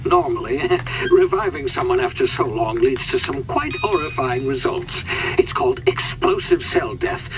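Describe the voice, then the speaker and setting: A man's voice: high voice, creaky, noisy background, exaggerated voice. An actor playing an eccentric older scientist in a video game, breezy and chuckling as he explains grim news cheerfully. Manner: breezy, chuckling, oddly cheerful about gruesome things. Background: game music.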